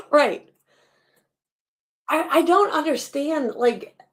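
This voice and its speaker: A woman hosting a live stream, reacting to a podcast in blunt, animated casual talk and swearing freely. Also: high-pitched.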